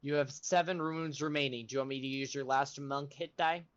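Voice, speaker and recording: A man's voice: mid-range voice, fairly even intonation, a little fast, fairly bright tone, clean tone, dull audio. A man playing in an online tabletop game, tallying points in a matter-of-fact way. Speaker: player. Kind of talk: casual chat at a game table.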